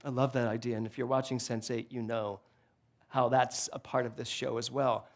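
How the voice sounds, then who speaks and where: A male minister delivering a sermon in a church, telling humorous stories in an animated, joking way into a handheld microphone. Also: mid-range voice, normal speed. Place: church sanctuary before a congregation.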